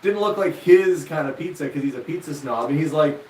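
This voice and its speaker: A man's voice: on the high side, brisk, far from the mic, slight background noise. Jokey man, middle-aged, off-mic and echoey. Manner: animated, jokey, acts out quotes. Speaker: guest on a live stream. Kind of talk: casual chat, storytelling.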